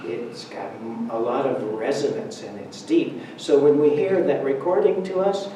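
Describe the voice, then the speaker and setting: A man with a mellow, mid-range voice gives a Sunday talk in a church sanctuary, speaking at normal speed and telling humorous stories in a conversational way, with laughs. The roomy hall carries slight background noise, and he stands far from the mic.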